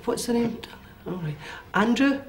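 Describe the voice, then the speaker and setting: A Scottish man in his forties giving a medium's reading, talking in a quick, animated way with many fillers and checks. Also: very high voice, slight background noise. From Scotland. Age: 40s. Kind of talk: live one-to-one reading before an audience.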